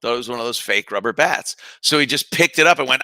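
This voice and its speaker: A man's voice: mid-range voice, a little fast, no room sound. A middle-aged man chatting casually as a podcast guest, telling stories with lots of fillers and imitating other people. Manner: animated storyteller, mimics others, frequent fillers. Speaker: podcast guest, radio host. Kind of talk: casual chat.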